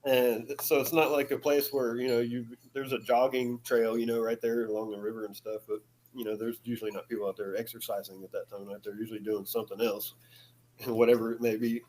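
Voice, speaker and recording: Brief: male podcast guest, mid-pitched, relaxed storyteller who laughs between lines. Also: brisk, a little hiss or hum. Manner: chuckles often, leans on "you know". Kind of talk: casual storytelling.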